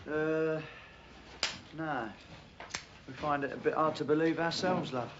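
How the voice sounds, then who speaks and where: An actor playing a cheeky but decent young bricklayer who teases and calls people "love", in a TV drama. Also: male voice, on the high side, steady tone, unhurried, natural voice. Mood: banter. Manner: teasing, chatty, uses "love" a lot. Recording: muffled old TV soundtrack with faint hiss.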